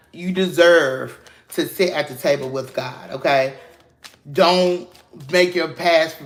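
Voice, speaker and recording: A man's voice: fairly high pitch, fairly bright tone, slight background noise. A man giving a casual spiritual tarot reading to his viewers. He is emphatic and preachy, curses freely and calls them "baby" and "y'all". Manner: emphatic, preachy and encouraging, with cursing slang. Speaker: tarot reader.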